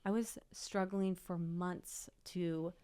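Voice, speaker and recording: A woman's voice: lowish voice, steady tone, slow, mellow, clear, resonant tone, no echo. A young woman, an interview guest, emphatically retelling a personal story and quoting what people said. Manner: emotional, emphatic retelling with quoted dialogue.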